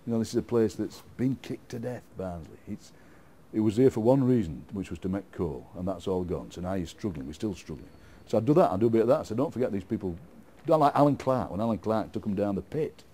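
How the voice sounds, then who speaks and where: A middle-aged Yorkshire man talks at an easy, rambling pace in a relaxed interview. His tone is mellow and dark, and he laughs readily as he spins playful ideas. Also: fairly low pitch, fast talker. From England. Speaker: guest poet. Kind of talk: casual interview chat.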